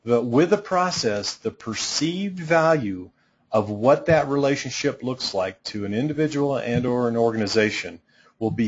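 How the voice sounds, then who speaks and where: A man's voice: medium pitch, husky. A middle-aged man teaching a coaching seminar, talking in a direct, emphatic and playful way. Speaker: coaching instructor. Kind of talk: training seminar talk. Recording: dull lo-fi sound.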